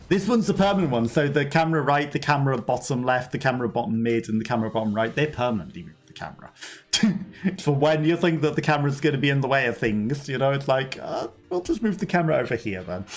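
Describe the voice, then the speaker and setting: Male game streamer, lively swoopy voice, chatty, laughs a lot, faint game music behind. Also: medium pitch. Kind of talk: casual livestream commentary.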